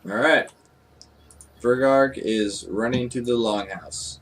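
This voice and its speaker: A man's voice: medium pitch, slow, a crowd in the background. A laid-back man playing a tabletop game over an online voice call, giving short replies. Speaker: player.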